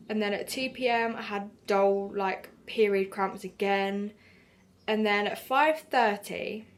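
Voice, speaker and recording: Young british woman vlogging, chatty and candid, lots of "like" and "i was like", talking straight to camera. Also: medium pitch. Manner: chatty, candid, lots of fillers and quoted reactions. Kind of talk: casual storytelling to camera.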